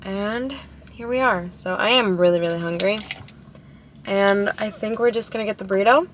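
A woman's voice: mid-range voice, normal speed, slight background noise. A bubbly, talkative woman of about twenty, vlogging casually from her car at a drive-thru. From Ohio, USA. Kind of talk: casual chatty vlog. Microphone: camera in the car.

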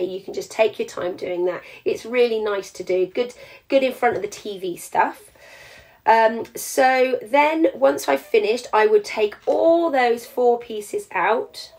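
A woman talks viewers through a craft live. Her delivery is chatty and practical, and she explains each step as she works. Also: mid-range voice. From England. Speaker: jewellery teacher.

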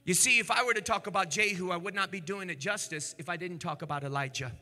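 A man preaching with a high, very bright and cutting voice, animated and swinging from shouting peaks down to hushed, low storytelling. His sermon rings out in a church hall with a long, echoing reverb. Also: fast talker. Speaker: pastor. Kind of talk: energetic sermon. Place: church sanctuary.

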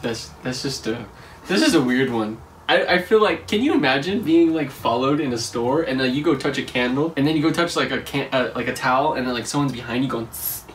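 Laughing, lively young man at a distance. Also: mid-range voice, brisk, a little hiss or hum. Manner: chatty, laughs often, teasing. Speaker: co-host of a couple channel. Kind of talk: casual chat during a party game.

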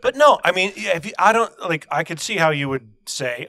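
A man's voice: on the high side, animated, moderate pace, bright, forceful tone, no room sound. A man co-hosting a comedy podcast, arguing his point in a sarcastic, needling way. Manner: argumentative, sarcastic. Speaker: podcast co-host. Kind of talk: casual comedic debate.

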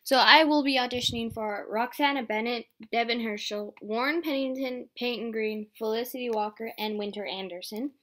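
A woman's voice: a little high, a bit bright. A young woman introducing her voice auditions in a chatty, upbeat and apologetic way. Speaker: voice actor auditioning. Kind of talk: casual audition vlog.

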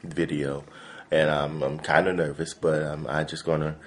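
A man playing a nervous, overemotional basketball player recording a dating video in a comedy sketch, halting with lots of ums. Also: very deep voice, little pitch movement, breathy edge. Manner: halting, full of ums, breaking into tearful wailing.

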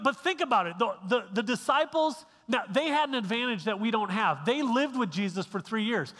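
A man's voice: very high voice, bright, forceful tone, big-room sound. A male pastor giving a sermon in a casual, conversational way, often restarting phrases and checking in with the congregation. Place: church sanctuary.

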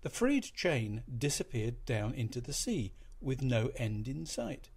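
A man's voice: mid-range voice, sing-song, a little slow, vocal fry, darkish tone, slightly rough. Man reading a story aloud. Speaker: narrator. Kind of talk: scripted storytelling narration.

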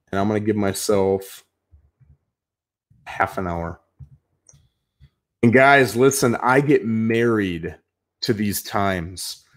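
A middle-aged man with a slightly low voice hosts a live show, coaching casually as he walks through his schedule. His delivery is loose and animated, with loud bursts and quiet throwaway asides. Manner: casual and coaching, keeps saying "man" and "right?"; lively, swings between bursts and mumbled asides. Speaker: show host. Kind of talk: live walkthrough of his planning.

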